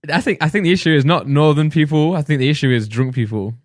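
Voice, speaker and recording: A man's voice: on the high side, fast talker, dry recording, studio quality. A young man co-hosting a podcast in casual chat, cutting in with questions and reactions. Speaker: podcast co-host.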